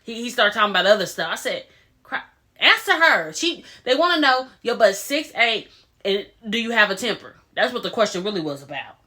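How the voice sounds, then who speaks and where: Woman recap host, bright, chatty, opinionated and animated. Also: mid-range voice, a little fast. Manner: animated, opinionated, retells scenes in quoted voices. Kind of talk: casual recap commentary.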